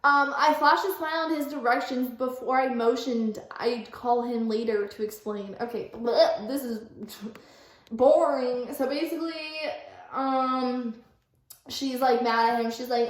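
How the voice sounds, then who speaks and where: A woman's voice: fairly high pitch, slow pace. A young woman vlogger, giggly and full of fillers, casually reading aloud and retelling a story. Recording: echoey room.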